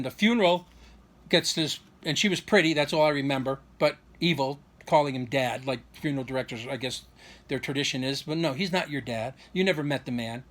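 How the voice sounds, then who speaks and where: A middle-aged man telling a personal story in an aggrieved, rambling way, full of restarts and rhetorical questions. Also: medium pitch. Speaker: vlogger.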